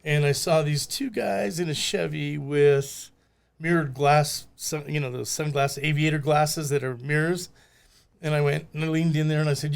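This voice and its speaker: A man's voice: fairly high pitch, normal speed, vocal fry, smooth. An older man, a former bail bondsman, telling stories in a casual podcast chat and acting out the voices of people in them. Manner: animated, acts out voices in his stories.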